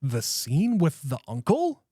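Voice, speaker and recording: Male podcast co-host, relaxed and blunt, casual profanity, dry sound. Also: a little high, takes it slowly, slightly rough, no room sound. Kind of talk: casual movie chat.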